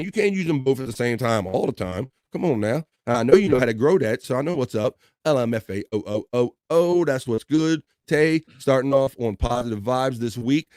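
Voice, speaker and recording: A man's voice: medium pitch, a little mellow, no echo, clean studio sound. Joking man hosting a livestream. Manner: jokey, laughs often, reads chat aloud. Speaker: livestream host. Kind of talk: casual chat reading viewer comments.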